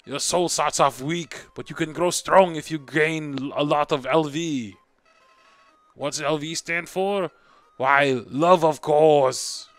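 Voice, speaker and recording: A man's voice: on the high side, slow, no room sound. A man voicing a flower creature who sounds sweet and coaxing but turns sneering and menacing. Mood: sugary, coaxing. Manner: syrupy friendliness turning to sneering threats. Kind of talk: game voice-over while streaming.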